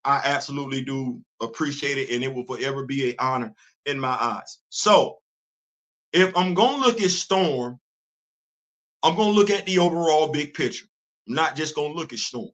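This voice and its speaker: A man's voice: mid-range voice, normal speed, a bit bright. A middle-aged man, hosting his own show in heated, emphatic casual commentary and repeating himself for force. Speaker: host.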